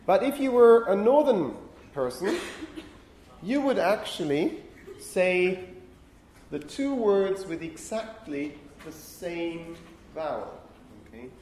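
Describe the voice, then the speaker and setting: Echoey lecture-hall man, mellow and raised. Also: high voice, sing-song, slow pace. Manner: frequent "okay?" checks, stern with chatty students. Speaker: university lecturer. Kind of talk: phonetics lecture. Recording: echoey lecture hall, faint room noise.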